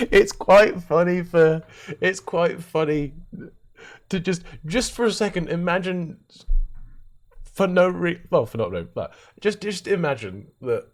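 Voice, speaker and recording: A young man chatting on a live stream, joking and laughing a lot while reading out chat and headlines. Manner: joking, animated, laughs often and swings in pitch.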